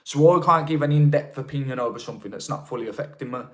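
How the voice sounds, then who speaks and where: Male streamer, Birmingham accent, casual and chatty, mid-pitched voice. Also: fast talker, fairly bright tone. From England. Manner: chatty, rambling, with frequent restarts. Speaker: livestream host. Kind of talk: casual live-stream chat reading comments.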